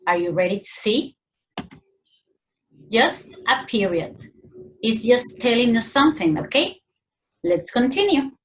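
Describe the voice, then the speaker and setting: A woman with a Mexican Spanish accent gives a recorded English lesson to young children. She speaks slowly and a little high, reading example sentences aloud with expressive tone. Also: a little hiss or hum, poor audio. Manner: slow, patient, reads sentences aloud with expressive tone. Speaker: primary school English teacher.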